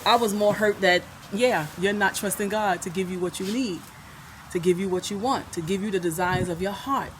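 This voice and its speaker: A middle-aged woman telling a personal story to her viewers on a phone, chatty and laughing often, sometimes softening into earnest talk, a bit out of breath. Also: mid-range voice, moderate pace. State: out of breath and sweaty. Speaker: vlogger. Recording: traffic noise behind her.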